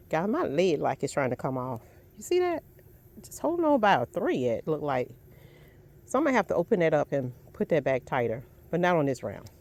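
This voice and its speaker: A middle-aged woman with a Southern US accent, chatting and telling stories while fishing outdoors. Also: low voice. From Southern United States. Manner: chatty, rambling, laughs often. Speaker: fishing vlogger. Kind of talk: casual storytelling while fishing. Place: outdoors by the water.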